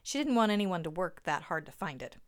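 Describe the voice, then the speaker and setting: A woman narrates a story with a dry, wry touch. Her voice sits on the low side for a woman. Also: sing-song, a little fast.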